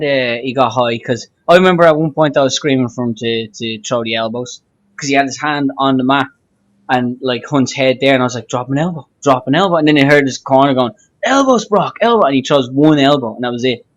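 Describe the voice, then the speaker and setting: An Irish man co-hosting a podcast, talking casually about a fight in an animated, rambling way with many fillers and restarts. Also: medium pitch, fast talker, dull audio. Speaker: podcast co-host. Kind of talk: casual chat.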